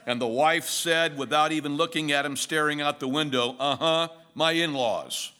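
A man's voice: on the high side, fairly even intonation, brisk, bright, forceful tone, a little hiss or hum. A middle-aged male pastor giving an expository sermon in a conversational way, mixing jokes and stories into the teaching.

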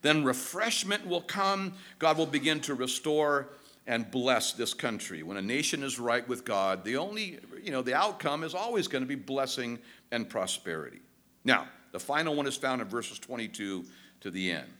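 A man's voice: mid-range voice, very animated, normal speed, bright, forceful tone. A man preaching a sermon, earnest and at times passionately pleading as he reads and explains scripture.

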